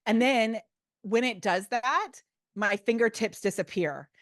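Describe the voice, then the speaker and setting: Woman, podcast guest, bubbly and animated, filler-heavy storytelling, dry close sound. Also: fairly high pitch, a little slow, dry recording. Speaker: guest, business coach. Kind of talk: casual podcast interview.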